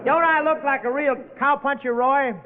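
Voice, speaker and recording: A man's voice: extremely high pitch, fairly even intonation, moderate pace. A man playing a boastful, wisecracking comedian in a 1950s radio sketch, firing off gags. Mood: breezy. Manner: wisecracking, puts on a hammy cowboy twang. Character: boastful wisecracking male comic in cowboy outfit. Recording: tinny old radio broadcast with hiss.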